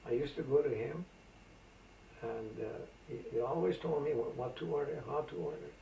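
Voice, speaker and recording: Gravelly old man reminiscing, roomy tape. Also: medium pitch, moderate pace, warm tone, dull audio, slight background noise. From Macedonia. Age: 80s. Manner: rambling, anecdotal, with frequent fillers. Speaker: oral history interviewee. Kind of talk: reminiscing conversational storytelling. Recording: roomy amateur tape, voice from a distance.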